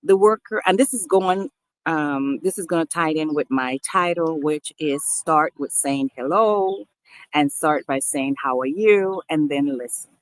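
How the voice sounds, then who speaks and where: Her voice sitting low and her pace a little slow, a woman vlogger talks earnestly to camera, addressing viewers as people. Emphatic, she repeats and restarts phrases in casual talk. It's recorded dry and in low quality.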